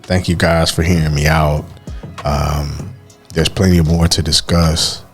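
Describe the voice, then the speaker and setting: A man with a very deep, low voice speaks with earnest, heartfelt candor as a podcast co-host. He opens up about personal matters and keeps calling the listener "man". Soft music sits faintly in the background. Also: little pitch movement, a little slow, husky. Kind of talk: candid personal talk.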